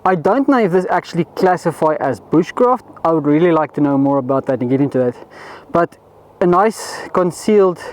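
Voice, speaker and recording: A man's voice: a little high, animated, moderate pace, a little mellow, rough recording. A man, vlogging outdoors at a bush campsite, talking loosely with fillers and restarts. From South Africa. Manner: rambling, many fillers and restarts. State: out of breath. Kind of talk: casual camping vlog. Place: outdoors in bushveld at dusk.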